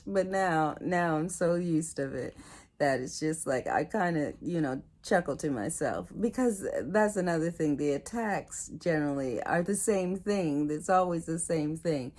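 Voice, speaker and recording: A video host speaks casually and reflectively to her viewers in a lowish, darkish voice at a moderate pace. She laughs often and acts out what other people said to her.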